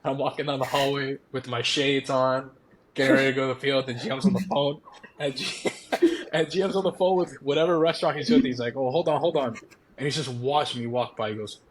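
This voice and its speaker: A young man, a former college ballplayer, telling stories as a podcast guest in a casual, animated way, laughing often and acting out quotes. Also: medium pitch, brisk, slight background noise. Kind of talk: casual storytelling.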